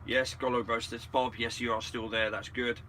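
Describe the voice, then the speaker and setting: A man's voice: medium pitch, little pitch movement, moderate pace, bright, forceful tone, slight background noise. A man hosting a casual chat, greeting viewers one by one with sarcastic banter. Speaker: channel host.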